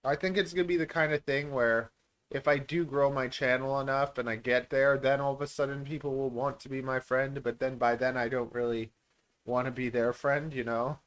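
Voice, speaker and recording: A man's voice: mid-range voice, steady tone, moderate pace, a bit bright. A man from Canada, a reptile breeder hosting a casual live-stream Q&A, who rambles and pokes fun at himself between lots of filler words. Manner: rambling, self-deprecating, many filler words. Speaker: reptile breeder and channel host.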